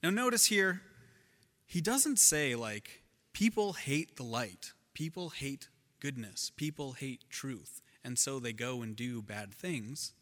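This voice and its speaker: A man preaching a sermon, telling a childhood story with lively swings between loud and hushed delivery. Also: mid-range voice, slow pace, big-room sound. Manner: animated storyteller, shifts loud and soft. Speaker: pastor.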